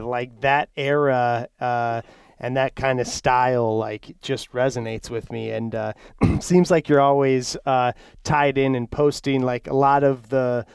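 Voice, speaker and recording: A man's voice: medium pitch, clear, resonant tone, no room sound. A man from the Upper Midwest hosting a podcast, chatting enthusiastically with lots of fillers. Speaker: podcast host. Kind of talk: casual interview talk.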